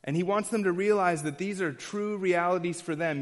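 A man's voice: high-pitched, normal speed, big-room sound. A man preaching an expository sermon in an earnest, emphatic way, repeating key phrases and restarting often.

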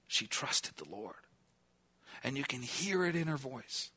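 A man preaching a sermon in an earnest tone, asking his listeners questions and at times dropping to a hushed, near-whispered delivery. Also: on the high side, very animated, unhurried, breathy edge. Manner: earnest, asks the listeners questions, then drops to a hush. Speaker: pastor.

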